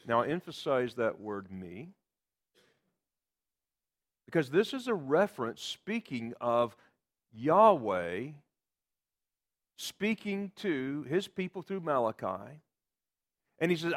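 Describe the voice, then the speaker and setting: A man's voice: medium pitch, very animated, slow pace, long pauses. A man preaching a sermon, explaining scripture with emphatic quotations. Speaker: pastor.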